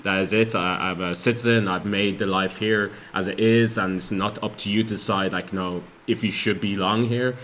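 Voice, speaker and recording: A man speaking as a guest in a podcast discussion, talking in a halting way with many pauses. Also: on the low side, steady tone, a bit bright, a little hiss or hum. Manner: halting, many fillers and restarts. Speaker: community group founder, guest. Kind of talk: casual discussion.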